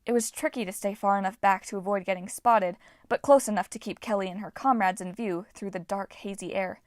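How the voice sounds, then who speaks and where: A woman reading an audiobook at a mid pitch, expressive and steady. The recording is dry, with no room sound. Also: brisk, dry recording. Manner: expressive, voices each character. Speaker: audiobook narrator. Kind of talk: audiobook narration.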